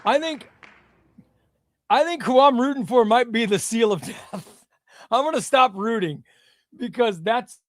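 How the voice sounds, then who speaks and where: A man hosting a live stream, chatting casually and bursting into loud exclamations before dropping to quiet muttering. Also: very high voice, measured pace, pauses often, no room sound, studio quality, some chatter behind. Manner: excitable, shouts names then drops to muttering.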